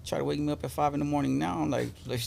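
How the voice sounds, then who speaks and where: Gravelly, laid-back army vet. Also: male voice, on the high side, steady tone, very fast, a little mellow, a little hiss or hum. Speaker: guest, Army veteran. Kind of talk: casual chat.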